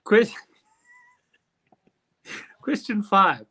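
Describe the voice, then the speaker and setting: A man's voice: high-pitched, lively intonation, drawn-out words, sharp tone, slightly rough. A man hosting a casual online quiz, reading questions aloud and riffing with jokes between them. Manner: jokey, reads questions then riffs with swearing and laughs. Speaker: quiz host.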